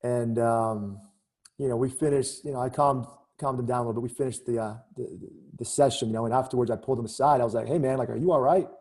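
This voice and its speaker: A man's voice: mid-range voice, steady tone, fast talker, a little mellow. A middle-aged man, a former Army captain, telling a candid story in a casual interview, full of "you know" and "man.".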